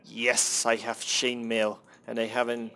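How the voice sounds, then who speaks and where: Slow, rambling young gamer guy. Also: medium pitch, completely flat delivery, bright, forceful tone. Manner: rambling, self-deprecating, swears at the game. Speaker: gameplay commentator. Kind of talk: casual gameplay commentary.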